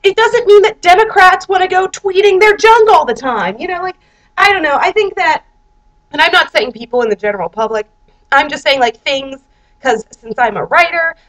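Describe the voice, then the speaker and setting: A young woman with a high voice rambles casually to her webcam, full of fillers and self-corrections. She slips into mock voices to quote other people. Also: normal speed, a bit bright, low-quality recording. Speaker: vlogger.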